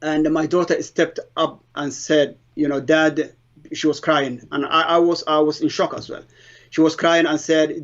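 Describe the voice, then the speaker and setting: Giving an interview testimony about his conversion, a halting middle-aged Somali man, a native Somali speaker, recounts his story with earnest effort and broken English grammar. His voice is on the high side and his delivery flat, captured in dull, lo-fi audio.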